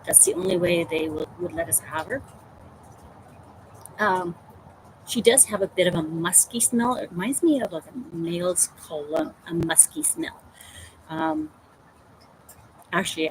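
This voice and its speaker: A woman hosting a casual crafting livestream, telling animated stories about her pet and reading out viewer comments. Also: on the low side, normal speed, pauses often, a little hiss or hum, rough recording. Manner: chatty storytelling, animated. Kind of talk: casual chat.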